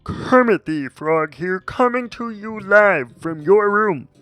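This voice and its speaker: A man's voice: high voice, lively intonation, takes it slowly, fairly bright tone, no room sound, faint music behind, pitched above the performer's own voice, heavily acted. A man doing a nasal, reedy voice of a cheerful male frog puppet. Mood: cheeky.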